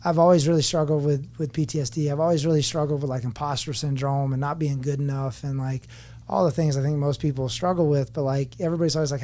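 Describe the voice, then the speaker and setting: A man's voice: on the high side, steady tone, fast talker, dark tone. A man in his forties, a podcast guest, telling his story candidly in an earnest, reflective way. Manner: earnest and reflective, speaking openly about personal struggles.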